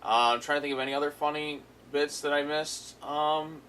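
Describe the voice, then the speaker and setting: A man's voice: fairly high pitch, fairly even intonation, normal speed, pushed and bright, a little hiss or hum, poor audio. A man giving a casual, rambling review of a cartoon episode, full of fillers and amused asides.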